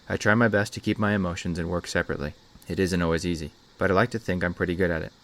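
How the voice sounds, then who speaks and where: Deep voiced guy reading a creepy reddit story, measured, scripted. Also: steady tone, a bit bright. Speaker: story narrator and channel host. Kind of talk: scripted horror story narration.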